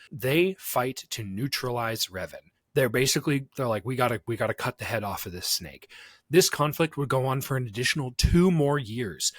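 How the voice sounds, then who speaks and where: A young man co-hosting a casual podcast, animated, laughing often and slipping into silly voices. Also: mid-range voice, no echo, studio quality. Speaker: podcast co-host.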